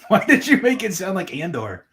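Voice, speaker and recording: A man co-hosting a casual stream chat, teasing and quick to laugh. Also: high-pitched, huge pitch swings, sharp tone. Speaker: co-host.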